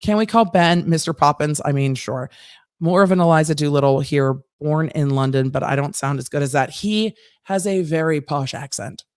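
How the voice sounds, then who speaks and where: An American woman, a former trial lawyer, hosting a live-stream and chatting through viewer comments with quick asides. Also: low-pitched, dry recording, clean studio sound. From United States.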